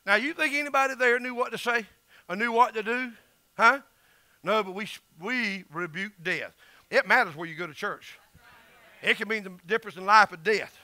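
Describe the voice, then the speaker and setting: A man's voice: high-pitched, moderate pace, bright, forceful tone, dry recording. A middle-aged man with a Southern US accent, preaching an emphatic, folksy sermon as pastor.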